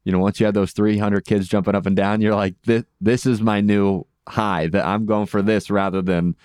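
Man, interview host, smooth lowish voice, dry sound. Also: steady tone, normal speed, a little mellow, dry recording. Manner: chatty, laughs easily. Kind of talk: casual interview.

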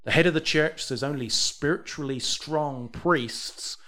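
A man's voice: on the high side, unhurried, sharp tone. A man hosting a podcast, chatting casually and reading out news stories with dry, wry humor. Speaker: podcast host.

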